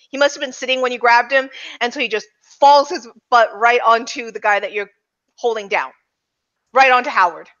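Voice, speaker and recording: A woman's voice: a little high, pushed and bright, highs cut off. A woman narrating a tabletop game as game master in a casual, hesitant way.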